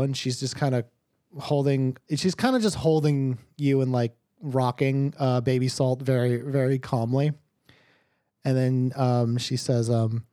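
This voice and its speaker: A man's voice: mid-range voice, level tone, measured pace, warm tone, no echo, studio quality. A man running a tabletop game as game master, narrating in a meandering way with lots of fillers.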